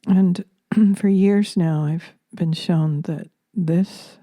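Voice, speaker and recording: A woman speaks slowly and softly into a close microphone, drifting through a reflective spiritual monologue full of pauses and ums. Her voice is very dark and mellow, a little low in pitch, and the sound is dry and close. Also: steady tone, no room sound. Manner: soft-spoken, drifting into whispers, hesitant fillers. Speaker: spiritual channeler and podcaster.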